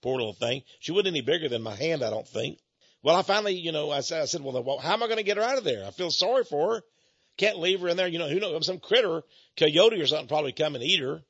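Gravelly folksy radio host. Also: male voice, a little high, animated, fast talker, fairly bright tone, no room sound, lo-fi sound. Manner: chuckling, teasing, folksy storyteller. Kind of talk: folksy rambling radio talk.

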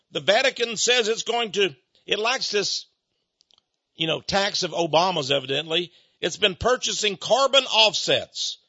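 A man with a husky, bright, rather high voice delivers radio-style preaching commentary. His pitch rises and falls widely, and he breaks into sarcastic asides. The recording is dull and lo-fi. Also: no echo.

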